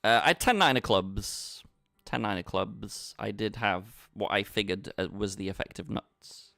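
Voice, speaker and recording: A man's voice: lowish voice, a little slow, vocal fry, sharp tone, no echo, clean studio sound. A man chatting casually with his viewers while he plays online poker, bantering and talking to the chat. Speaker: poker streamer. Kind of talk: casual live-stream commentary.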